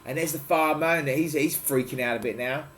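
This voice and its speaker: A man's voice: on the high side, brisk, a bit bright. A father reading a picture book aloud to his children at home, playfully explaining words and pointing at the pictures.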